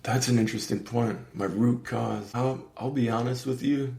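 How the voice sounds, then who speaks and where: Earnest gravelly-voiced man in an echoey room. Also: mid-range voice, normal speed. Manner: earnest, animated, acts out his inner voice in raised tones. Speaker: podcast guest. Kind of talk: candid conversational interview.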